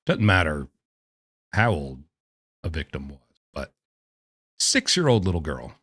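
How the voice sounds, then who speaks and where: Deep-voiced sarcastic male commentator. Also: big pitch swings, unhurried, fairly bright tone, no echo, clean studio sound. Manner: sarcastic, exasperated, scoffing laughs. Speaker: true-crime commentary host. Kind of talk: casual commentary.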